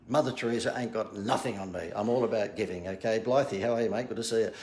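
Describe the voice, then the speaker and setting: A man's voice: fairly low pitch, quick pace, roomy sound. Joking man selling ideas on a live stream. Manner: jokey, self-mocking salesman banter. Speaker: marketing coach. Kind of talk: casual Facebook Live talk. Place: outdoors near a harbour. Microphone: phone camera.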